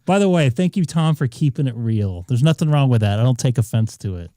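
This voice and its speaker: On a ham radio live stream, a man chats casually and runs radio checks, acting animated and mock-offended. His mid-range voice is somewhat nasal and fairly quick, and the recording is dry.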